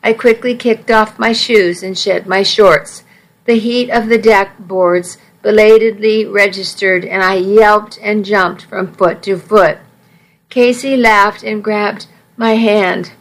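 A woman's voice: mid-range voice, fairly even intonation, slow, poor audio. A woman reading a first-person story aloud in a wry, conversational way. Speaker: audiobook narrator.

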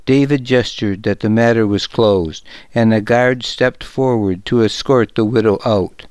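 Male audiobook narrator, slow, smooth, dry studio sound. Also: on the low side, dry recording. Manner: calm, measured storytelling.

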